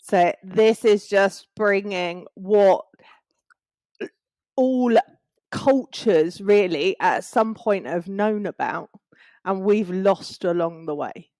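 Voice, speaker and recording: A woman talking over a video call from home, explaining her work in a calm and earnest way. Her voice sits at a middle pitch and sounds close and dry. She laughs lightly now and then. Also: slow, no echo. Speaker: guest, space clearing practitioner. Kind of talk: casual video call interview. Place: home in a village in Spain.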